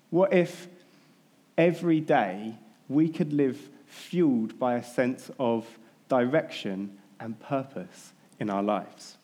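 A man, a pastor, giving a sermon, telling a story in a relaxed, conversational way. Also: medium pitch.

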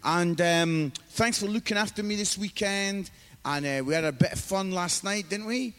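A man's voice: high-pitched, normal speed, a bit bright, clean tone. A middle-aged man from the UK preaching a sermon, chatty and self-mocking, telling funny stories and acting out the people in them. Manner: chatty, self-mocking, acts out quoted voices. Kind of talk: sermon with humorous storytelling. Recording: live hall with long reverb.

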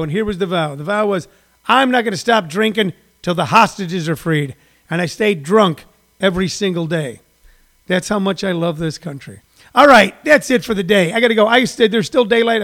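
A man in his sixties with a high voice, talking off the cuff on his daily livestream. He rambles and restarts his sentences, with lots of ums and uhs, in a loose, chatty monologue. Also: fairly bright tone. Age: 60s. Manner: rambling storyteller with many fillers and restarts. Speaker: comedian hosting a daily livestream.

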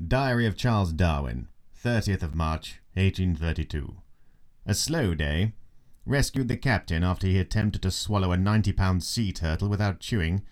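An actor plays a smug naturalist in a comedy audio play. He answers in short, dry, sarcastic lines, and his voice is very deep. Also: expressive, normal speed. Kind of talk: comic audio drama.

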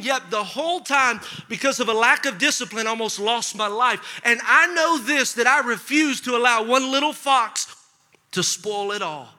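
A male pastor preaching a sermon, telling a story with lively acted-out dialogue. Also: extremely high pitch, normal speed. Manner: animated storytelling, acts out dialogue. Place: church sanctuary. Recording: long hall reverb.

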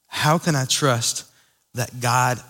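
A man's voice: medium pitch, slow pace, bright, forceful tone, in a large hall. A man preaching a sermon to a congregation, emphatic and conversational, speaking to them directly.

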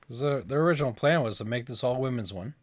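Podcast co-host, woman, Boston accent, very deep voice, relaxed and chuckling. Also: fast talker, slightly rough. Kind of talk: casual chat.

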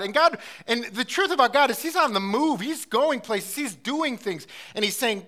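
High, bright-voiced impassioned male pastor. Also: expressive, normal speed, hardly any pauses. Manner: impassioned, swinging between loud urgency and hushed intimacy. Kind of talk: sermon.

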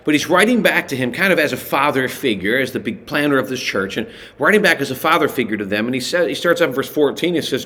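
A man leads a weekday Bible study in an easy, chatty way, with a voice of ordinary middle pitch. He catches his own slips and restarts his sentences as he talks through the passage. The overall sound is informal and unhurried teaching rather than a formal sermon. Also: expressive, sharp tone, husky. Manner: casual and conversational, often correcting himself mid-sentence.

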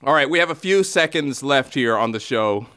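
A man hosts a comedic sports show in a bright, clear voice that swings widely in pitch. He is loose and self-mocking, and keeps cracking up as he reads his news bits. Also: lively intonation, moderate pace. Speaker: podcast host and news reader.

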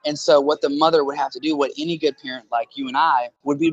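A man's voice: on the high side, fairly even intonation, quick pace, slightly rough, dull audio. A man in a casual conversation who talks into a handheld phone, explaining earnestly through analogies and often checking in with "right?".

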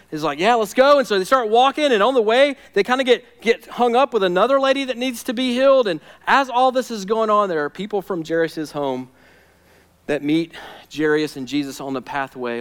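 A man preaching a sermon, swinging from hushed, intimate lines to loud, urgent ones. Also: sits high, a little fast, clear, resonant tone. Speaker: pastor.

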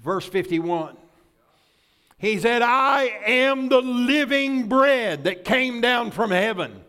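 An older man preaching a sermon as pastor, fervent and excitable, building up to shouts. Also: extremely high pitch, slow, clear, resonant tone.

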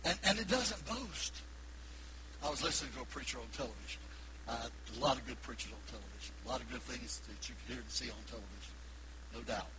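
A pastor preaching a sermon, swinging from loud emphatic peaks to hushed asides. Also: male voice, mid-range voice, fast, very noisy. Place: church sanctuary.

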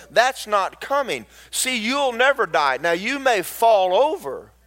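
A man preaching a lively, storytelling sermon with mocking asides to the congregation. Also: extremely high pitch, moderate pace, few pauses.

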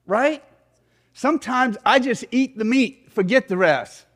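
A middle-aged man, a pastor preaching a sermon in an animated way that sinks into soft prayerful tones. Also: very high-pitched, measured pace.

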